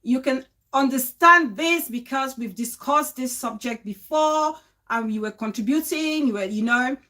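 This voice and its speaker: A woman's voice: sits high, measured pace, bright, forceful tone. A woman hosting, reacting in casual commentary to a played clip, often breaking into laughter. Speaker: host.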